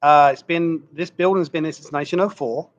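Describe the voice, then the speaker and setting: A man's voice: on the high side, fairly even intonation, a little fast, highs cut off. A man with a Southwest London English accent, a comedy club manager talking easily as a guest, with dry humor. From England. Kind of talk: casual interview.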